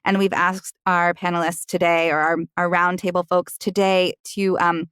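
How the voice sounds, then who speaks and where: A woman's voice: fairly low pitch, flat delivery, normal speed, a bit bright, smooth, no room sound, clean studio sound. A woman from Alabama with no regional accent, co-hosting a roundtable conversation. She speaks in a musing way and often restarts her phrases. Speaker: podcast co-host.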